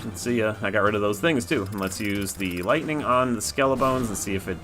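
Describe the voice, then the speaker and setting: A man's voice: fairly low pitch, fairly quick, music in the background. A man casually commenting on his own game during a livestream, rambling and laid-back, with the odd swear. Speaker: game developer streamer.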